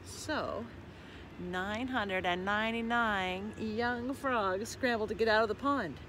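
A woman reading a children's picture book aloud with slow, expressive storytelling, with background noise. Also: mid-range voice. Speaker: storybook reader.

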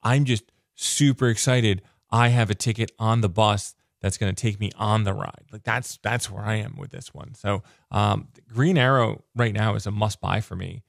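A man reviewing a comic book in a casual, excitable, rambling way, full of filler words. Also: lowish voice, moderate pace, vocal fry, few pauses, dry recording, clean studio sound.

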